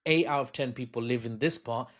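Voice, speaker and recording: A man's voice: medium pitch, a little fast. A man hosting satirical political commentary in a sarcastic, mock-cheerful and self-mocking way. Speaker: commentary channel host.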